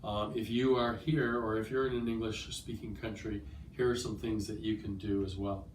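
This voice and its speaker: A man's voice: lowish voice, little pitch movement, moderate pace, a little hiss or hum. A man with a cold explains listening strategies as a test-prep teacher, patient and checking understanding with "okay?". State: has a cold. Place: language school. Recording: roomy, from a distance.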